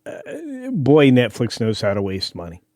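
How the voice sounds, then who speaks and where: A man on a casual panel chat, halting and sarcastic, with frequent restarts. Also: lowish voice, expressive, mellow.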